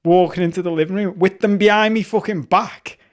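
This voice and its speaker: A man in his forties with a Liverpool accent co-hosting a podcast, telling stories in a lively, sweary way. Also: high voice, fairly quick. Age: 40s. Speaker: podcast co-host. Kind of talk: casual chat.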